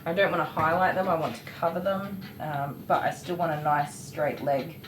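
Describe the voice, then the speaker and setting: Middle-aged woman, low-ish voice, candid and self-mocking, in an echoey room. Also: fairly even intonation, moderate pace. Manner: frank, self-mocking, laughs often. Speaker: dog groomer. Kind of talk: casual chat while grooming. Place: grooming room. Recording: echoey room, faint noise.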